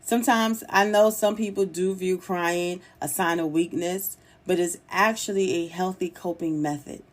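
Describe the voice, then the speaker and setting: A woman's voice: lowish voice, steady tone, normal speed. A woman hosting her own solo podcast, talking in a chatty, encouraging way and laughing easily. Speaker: podcast host.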